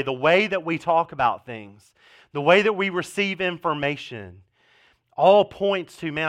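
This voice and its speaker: A man's voice: fairly high pitch, a bit bright. A man in his thirties preaching a casual sermon as pastor, telling jokey stories with sarcastic asides.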